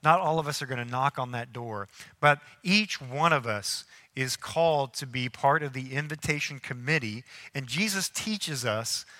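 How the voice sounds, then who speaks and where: A man preaching a sermon as a pastor, telling lively stories and acting out the people in them. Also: mid-range voice, moderate pace. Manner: animated storytelling, acting out people in anecdotes. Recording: long hall reverb.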